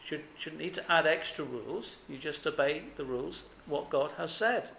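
A man preaching a sermon, earnest and emphatic, pressing his points with rhetorical questions. His voice sits a little higher than most men's. The sound carries a noticeable echo, as if from a church or hall. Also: lively intonation, normal speed, creaky, fairly bright tone, a little hiss or hum. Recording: echoey room.

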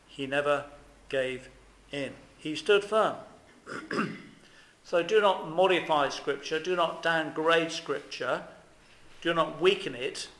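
A man's voice: fairly high pitch, sharp tone. A man preaching a sermon in an earnest, emphatic way, with lots of rhetorical questions. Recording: echoey room.

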